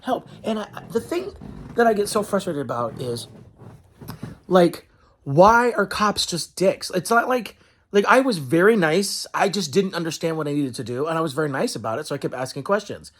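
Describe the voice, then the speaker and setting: A man's voice: a little high, expressive, normal speed. Male vlogger, casual rambling rant, frustrated, heavy on fillers.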